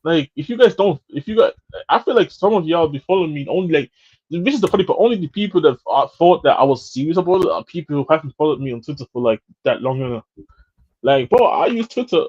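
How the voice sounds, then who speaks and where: A man's voice: fairly high pitch, animated, fast, darkish tone, husky, lo-fi sound. A young man, chatting casually as a podcast co-host, laughing often and repeating himself. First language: German. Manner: laughs a lot, repeats "bro". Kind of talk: casual banter.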